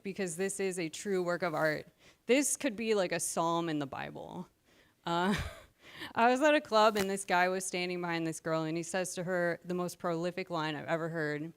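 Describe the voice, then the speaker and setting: Breathless, animated woman doing stand-up. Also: medium pitch, smooth. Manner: self-deprecating, animated, laughing at own jokes. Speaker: stand-up comedian. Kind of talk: stand-up comedy set.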